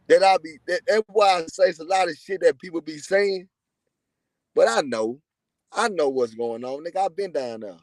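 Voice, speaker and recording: A man's voice: fairly high pitch, no echo. A man from Texas, telling prison stories in a profane, boastful, rambling way. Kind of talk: casual livestream chat.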